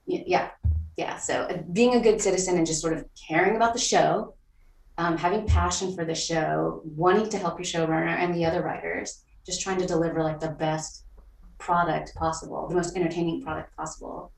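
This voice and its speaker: Woman TV writer, interview guest, lower voice, reflective, slightly distant mic in an echoey room. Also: fairly even intonation, fairly quick, vocal fry. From Vietnam, raised in Texas. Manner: thoughtful, many restarts and fillers. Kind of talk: conversational interview. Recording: roomy, a little off-mic.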